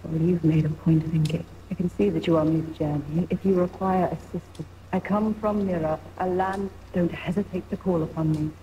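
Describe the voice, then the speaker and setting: An actress voicing a masked female warrior from a faraway land, speaking in a calm, formal, measured way in a video game. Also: lowish voice, lo-fi sound, slight background noise, lightly acted. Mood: solemn. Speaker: game character.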